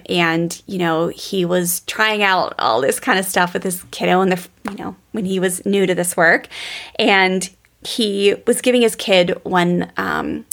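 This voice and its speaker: This woman's voice sits on the low side and sounds gravelly. She's a parenting coach hosting a podcast, casual and enthusiastic, chatting away and often calling her listeners "you guys."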